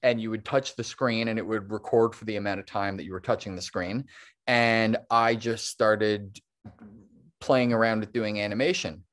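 A man's voice: fairly low pitch, fairly even intonation, moderate pace, a bit bright. A man, a stop motion animator, chatting as a podcast guest in a casual, long-winded way and laughing often. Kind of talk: casual interview chat.

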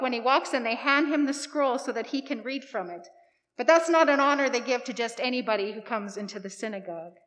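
A woman's voice: sits high, big-room sound. A woman pastor giving a sermon in a conversational, lightly humorous way. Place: church sanctuary.

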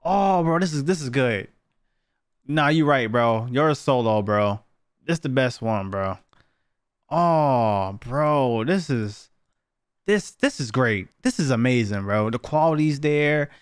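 A man's voice: mid-range voice, animated, slow, clean tone, no echo, studio quality. A young man giving blunt, profane, slang-heavy reactions as he reviews viewer submissions in a casual video.

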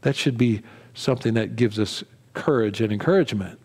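A male pastor giving a sermon in a conversational style, with frequent fillers, restarts and quick asides to the congregation. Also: on the low side, a little mellow.

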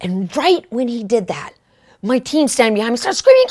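Excitable woman preacher with a high-set voice, animated storytelling that swings into shouts. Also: a little fast. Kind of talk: storytelling sermon.

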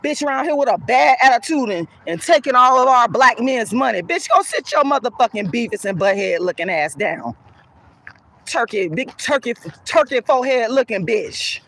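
A woman's voice: on the high side, animated, normal speed, a bit bright. A woman activist ranting to camera outdoors, heated, cursing and scornful. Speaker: colorism activist. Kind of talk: angry profane rant to camera.

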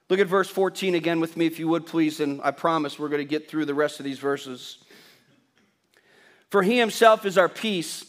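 A man with a notably high-pitched voice preaches to his congregation through a stage microphone. He is emphatic, repeats his key phrases and puts questions to the listeners. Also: fairly bright tone. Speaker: pastor. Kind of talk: sermon. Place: church sanctuary.

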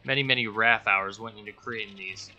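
A man's voice: lowish voice, steady tone, a little fast, pushed and bright, slight background noise. A man voicing a bossy male pirate gang leader in a video game, giving commands. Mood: commanding.

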